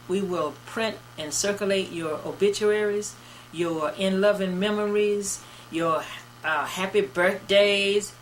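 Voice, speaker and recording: A woman with a mid-range voice briskly explains what her local newspaper offers. Her delivery is friendly and practical, with faint background noise. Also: medium pitch, low-quality recording. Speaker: newspaper representative. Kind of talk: casual interview.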